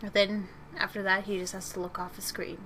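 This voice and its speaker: A woman's voice: medium pitch, level tone, a little fast, fairly bright tone, slight background noise. A young woman at home, tired after work, rambling in a jokey, self-deprecating way as she chats while drawing. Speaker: channel host. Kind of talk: casual chat while drawing. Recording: music playing behind.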